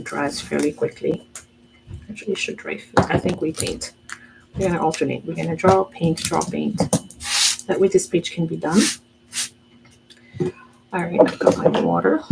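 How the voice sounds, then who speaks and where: A thirties-aged woman with a fairly low, fry-tinged voice chats casually as she draws and paints, thinking out loud and coaching herself through every step. She laughs a lot as she works. This art vlogger is recorded over heavy background noise.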